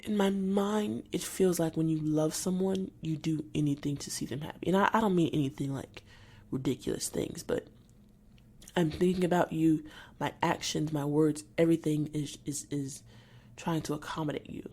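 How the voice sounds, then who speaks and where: A young adult woman hosting a solo podcast, venting with irritation and halting, restarting speech. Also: low-pitched, fairly even intonation, darkish tone. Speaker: podcast host.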